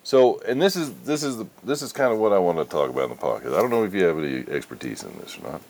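A man's voice: sits low, very animated, rapid-fire, darkish tone, slight background noise. A middle-aged man hosting a podcast, telling stories in blunt, profane casual chat. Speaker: podcast host.

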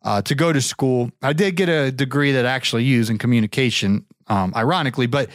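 A man from Ohio telling a long, rambling personal story in a casual way, rising in pitch whenever he imitates others. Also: quick pace, dry recording, studio quality. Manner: rambling, animated, pitches up for quoted voices. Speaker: show regular telling a story.

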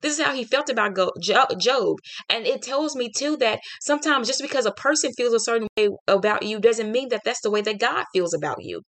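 A woman's voice: on the high side, brisk, few pauses, a bit bright. A woman hosting a devotional podcast, speaking heartfelt and unscripted, with many fillers and restarts as she reflects on scripture. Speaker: podcast host. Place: home studio.

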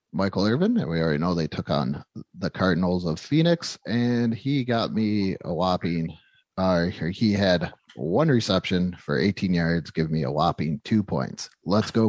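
Low-voiced guy on a football podcast, dry sarcastic takes on his own players, dry room. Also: animated, unhurried, darkish tone, dry recording. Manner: wry, self-mocking about his own players. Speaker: podcast co-host. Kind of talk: casual podcast chat.

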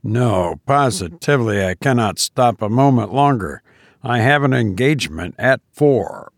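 A low, smooth voice gives a pale stranger who gloats over danger, done by a male narrator. He is polite on the surface and sinister underneath. The recording is dry. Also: animated, measured pace, no room sound. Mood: sly.

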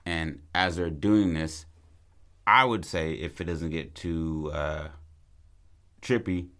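Man with a low voice, co-host, loose profane storyteller, chatty and rambling. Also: fairly even intonation, slow, fairly bright tone. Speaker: podcast co-host pitching a film plot. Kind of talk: casual storytelling chat.

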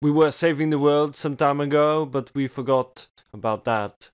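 A man's voice: a little high, normal speed, clear, resonant tone. A man playing a tabletop game, introducing his party in character with wry humor. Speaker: player. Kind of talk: in-character tabletop role-play.

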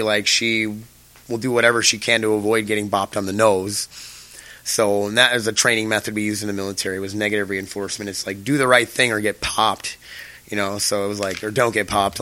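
A young man talking through his solo podcast with a bright, forceful tone that carries. He rambles, stumbles over words and swears freely. The sound is close and dry, with no room around it. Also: fairly low pitch, no room sound. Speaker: podcast host. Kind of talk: casual solo podcast chat.

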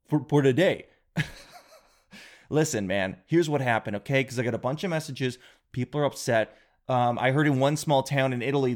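A man hosting his own podcast, telling a rambling comic story in an animated, jokey way. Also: mid-range voice. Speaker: podcast host. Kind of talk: comedic podcast monologue.

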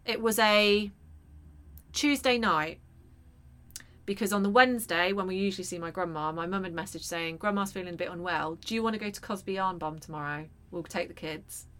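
A woman in her thirties, a podcast co-host telling an animated, sweary story in casual chat. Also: mid-range voice, brisk.

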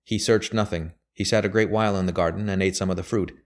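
Man doing old lawyer in a storybook, deep grave voice, leans hard on his points. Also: steady tone, natural voice. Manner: grave, emphatic, measured. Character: grave elderly male lawyer, shrewd and bitter. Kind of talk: audiobook character voice.

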